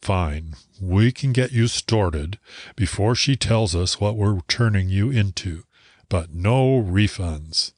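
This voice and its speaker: A curt, exasperated antlered alien shopkeeper grumbles at his customers in a storybook reading, voiced by a man. The voice sits very low. The sound is close and dry. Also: animated, slow, no room sound. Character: grumpy brusque male antlered alien shopkeeper.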